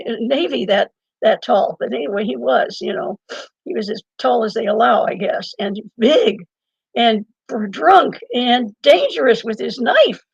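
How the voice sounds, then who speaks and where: An older woman being interviewed, telling a long personal story in a lively way, laughing now and then and restarting her sentences. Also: a little high, husky, no room sound, lo-fi sound. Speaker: interview guest and author. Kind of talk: conversational storytelling.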